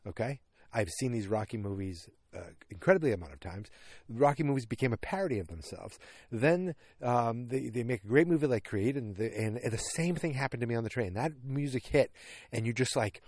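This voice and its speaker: A man in his early forties recapping a movie in casual podcast chat, animated and rambling, with lots of restarts and sound effects. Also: mid-range voice, brisk, no room sound, clean studio sound. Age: 40s. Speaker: podcast host. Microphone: podcast microphone.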